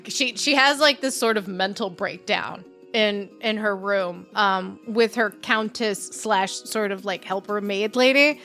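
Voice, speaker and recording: A woman with a fairly high, sharp voice co-hosts a casual podcast chat. She gushes about a film and acts out its scenes in quoted voices.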